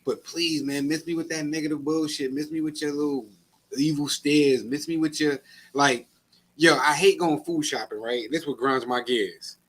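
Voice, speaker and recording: A man's voice: a little high, fairly even intonation, normal speed, fairly bright tone, breathy edge. A man co-hosting a podcast, ranting in casual slangy chat. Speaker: podcast co-host.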